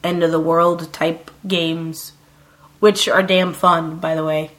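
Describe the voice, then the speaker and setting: A woman's voice: low voice, level tone, slow, a bit bright. A woman chatting casually and playfully, agreeing eagerly. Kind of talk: casual chat.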